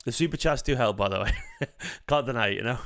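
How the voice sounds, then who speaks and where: A man's voice: mid-range voice, quick pace. Chatty man hosting a watchalong. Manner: chatty, reacting excitedly to play and thanking viewers. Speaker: fan channel host. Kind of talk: casual live watchalong commentary.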